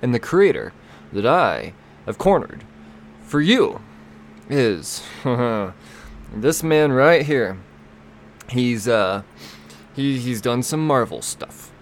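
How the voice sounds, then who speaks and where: A comics podcast host delivers casual sponsor reads and an intro in a sing-song, medium-pitched voice, speaking slowly with frequent pauses. He rambles, cuts himself off, and jokes along on his own, with slight background noise behind him.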